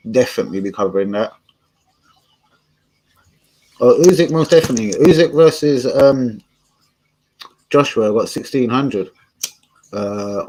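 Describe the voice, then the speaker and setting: Laid-back, slangy man with a low voice. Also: a little mellow, low-quality recording. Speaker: streamer and channel host. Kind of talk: casual live-stream chat.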